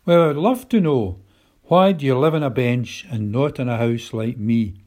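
A man's voice: mid-range voice, normal speed, a little mellow, natural voice. A man voicing a shy, nervous twelve-year-old girl who speaks politely and hesitantly.

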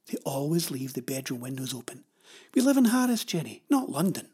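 A man's voice: on the high side, very animated, warm tone, slightly rough. Man doing a cheeky, knowing young boy. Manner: teasing, knowing, unhurried.

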